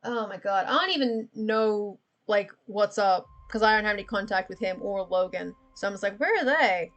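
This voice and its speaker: A woman's voice: mid-range voice, steady tone, normal speed, dull audio. A young woman, chatting candidly on a livestream, swearing freely and laughing often. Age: young adult. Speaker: livestream host. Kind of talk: casual livestream chat.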